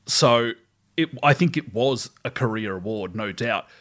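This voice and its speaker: A man's voice: fairly low pitch, expressive, unhurried, a bit bright. Thoughtful, opinionated man guest. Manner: considered, opinionated, laughs easily. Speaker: podcast guest. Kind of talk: casual chat.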